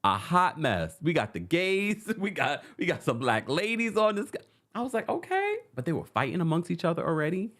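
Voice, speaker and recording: A man's voice: a little high, very animated, fairly quick, a bit bright. A man hosting a casual reality TV recap. He laughs often and acts out quotes from the show in put-on voices. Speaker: host.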